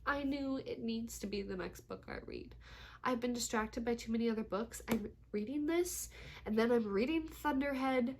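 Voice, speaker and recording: High-voiced gushing young woman vlogger. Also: slight background noise. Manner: gushing, swears freely, laughs often. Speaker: book vlogger. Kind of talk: casual reading vlog chat. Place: at home.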